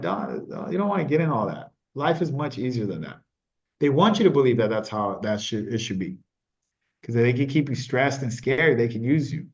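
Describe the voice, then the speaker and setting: A man speaking as a business mentor guest in a casual interview, emphatic and repetitive, often tossing in "man". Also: medium pitch. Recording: echoey, dull lo-fi sound.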